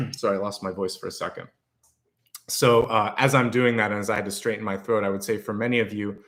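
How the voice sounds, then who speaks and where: A man's voice: lowish voice, fairly bright tone. A man giving a weekly tarot and astrology reading, speaking directly to his viewers in a reassuring, conversational way. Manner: conversational, with fillers and restarts. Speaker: tarot reader.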